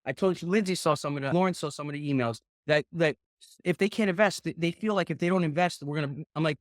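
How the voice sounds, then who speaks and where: Man, middle-aged, group-call coach, rambling, excitable, swears a lot, fairly high voice, dry close sound. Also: fast, no room sound. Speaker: real estate investing mentor.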